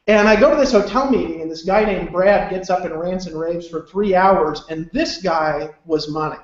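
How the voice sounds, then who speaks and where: A man's voice: high voice, brisk, few pauses, reverberant, muffled recording. A man presenting on a webinar, telling a motivational story in a loose, chatty way and often asking "right?" for agreement. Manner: loose and chatty with many fillers.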